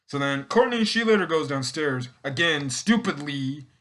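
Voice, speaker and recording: A man's voice: fairly high pitch, expressive, moderate pace, fairly bright tone. Rambling man recapping an episode. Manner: rambling, self-correcting, acts out characters' lines in quotes. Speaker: TV episode reviewer. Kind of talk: casual recap and commentary.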